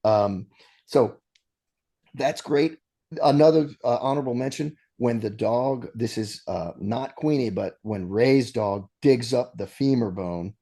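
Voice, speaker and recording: A man's voice: mid-range voice, a little slow. A man co-hosting a casual movie podcast, retelling scenes with laughs and restarts. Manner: animated storytelling with frequent laughs and restarts. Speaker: podcast co-host.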